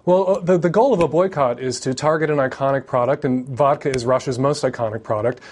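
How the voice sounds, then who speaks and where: A man's voice: medium pitch, brisk, darkish tone. Assertive male interview guest. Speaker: columnist and activist guest. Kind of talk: TV interview, arguing a point.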